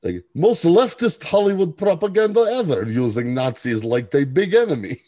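A man's voice: fairly high pitch, expressive, normal speed, warm tone, no room sound, pitched above the performer's own voice. A man putting on a vaguely Eastern European accent to voice a trolling male online reviewer, mocking him with broken grammar. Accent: put-on vague Eastern European.

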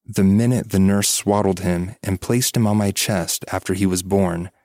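A man hosting a podcast, calmly reading a listener's story aloud as scripted narration. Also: deep voice, dry recording, studio quality. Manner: calm, measured storytelling.

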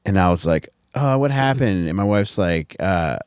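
A man's voice: low-pitched, animated, normal speed, darkish tone, clear, resonant tone, no room sound. A middle-aged man hosting a podcast, telling crude stories in a rambling, joking way and mocking the people in them. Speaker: podcast co-host. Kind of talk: casual comedic chat.

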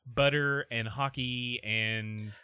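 A man's voice: medium pitch, fairly even intonation, takes it slowly, bright, forceful tone, clear, resonant tone, no echo, clean studio sound. A man co-hosting a podcast, wry and matter-of-fact in casual chat. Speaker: podcast co-host, opera singer.

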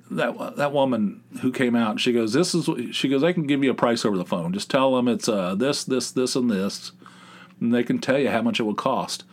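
A man hosting his own podcast, talking casually in a loose, rambling way. He tells his story with heavy sarcasm and frequent swearing, and his voice sits at an ordinary middle pitch. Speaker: podcast host.

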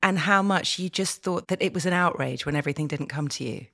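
Lively, laughing middle-aged woman guest. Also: sits low, fast talker, vocal fry. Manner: animated, laughs often, breaks into playful impressions. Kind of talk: casual podcast chat.

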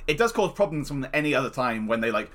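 A podcast co-host in casual chat, rambling and lively, with lots of fillers. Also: mid-range voice, fast.

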